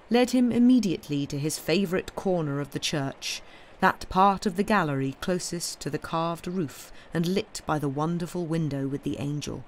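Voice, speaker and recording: A woman narrating classic fiction aloud in a measured storytelling manner. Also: sits low, a little mellow. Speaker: audiobook reader.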